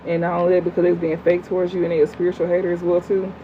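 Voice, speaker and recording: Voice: medium pitch, completely flat delivery, racing, warm tone. Tarot reader on a live, blunt and cussing, tinny phone sound with a little hum. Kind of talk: livestream tarot reading, answering chat. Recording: phone-like audio with faint hum.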